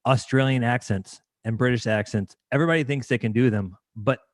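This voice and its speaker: A man's voice: medium pitch, a little fast, dry recording, clean studio sound. A man hosting a podcast interview, enthusiastic and prone to stumbling over and repeating words. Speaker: podcast host.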